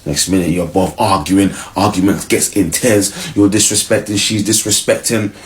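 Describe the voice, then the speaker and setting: A man's voice: low voice, fairly even intonation, normal speed, soft background music. A man giving casual relationship advice, slangy and acting out both partners.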